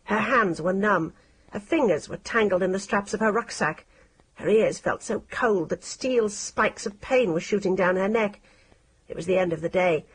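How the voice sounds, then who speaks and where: A woman narrating an audiobook in a measured, expressive reading style. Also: medium pitch, a little hiss or hum.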